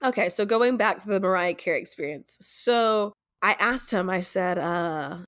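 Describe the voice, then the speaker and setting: A woman hosts a casual podcast, giggly and excitable as she talks. The sound is dry and close to the mic. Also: medium pitch, normal speed, dry recording. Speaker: podcast host. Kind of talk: casual chat.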